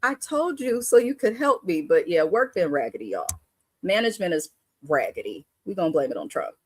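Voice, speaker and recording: Blunt, animated woman live-streaming. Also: on the low side, fairly quick, slightly rough, no room sound. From Bay Area. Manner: animated, blunt, cursing, laughing often. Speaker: live show host. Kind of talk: casual live-stream chat.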